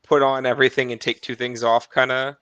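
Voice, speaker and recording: A man on a podcast panel, recapping reality TV in casual chat, animated and rapid. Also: mid-range voice, clear, resonant tone, dry recording, muffled recording.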